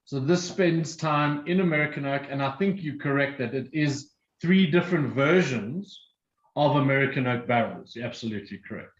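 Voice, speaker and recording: A man's voice: mid-range voice, normal speed, reverberant, lo-fi sound. Man guiding a whiskey tasting. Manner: informative, explains step by step. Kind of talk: guided tasting talk.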